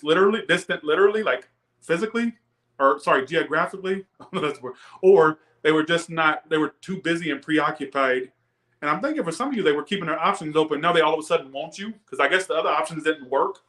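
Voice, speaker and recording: A man's voice: a little high, a bit bright. A young man giving a live-stream tarot reading, ranting profanely and chatting with his viewers. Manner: chats with viewers, laughs often. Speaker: tarot reader.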